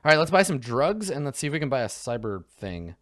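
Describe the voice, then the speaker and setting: A man's voice: medium pitch, very animated, fast talker, a bit bright, no echo, studio quality. A young man, a tabletop game player, chatting casually and rambling to himself as he builds a character, swearing freely.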